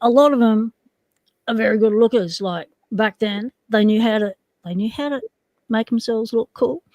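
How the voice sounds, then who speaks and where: A woman's voice: medium pitch, a little mellow, no room sound. A woman hosting a livestream in casual chat, teasing and rambling good-naturedly. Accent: Australian. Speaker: livestream host.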